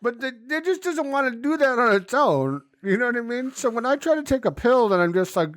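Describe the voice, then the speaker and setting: A man chatting on a comedy podcast, spinning stories and slipping into little acted voices for the people he quotes. His pitch leaps up and down as he talks. The sound is close and dry, with no room around it. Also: a little fast, no echo. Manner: animated storytelling, swearing, acting out quoted voices. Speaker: podcast co-host. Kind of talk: casual comedic chat.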